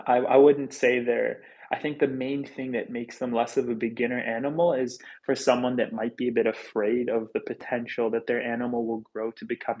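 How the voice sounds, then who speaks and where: This reptile channel host, a man of thirty, chats casually and openly while going through viewer comments on a livestream, with lots of fillers. His mid-range voice is a little mellow, and the recording quality is rough.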